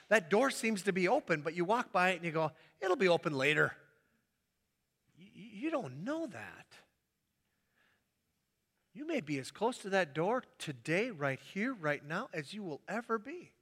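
A man preaches with a high, bright voice that swings widely in pitch. He acts out little scenes, jumping between voices as he tells his story. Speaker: pastor. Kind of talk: sermon.

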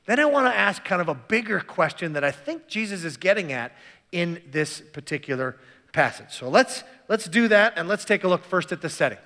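A man's voice: high-pitched, big pitch swings, a little fast, bright, forceful tone, in a large hall. A man preaching a sermon as pastor, reading scripture aloud and then explaining it casually, with restarts and asides.

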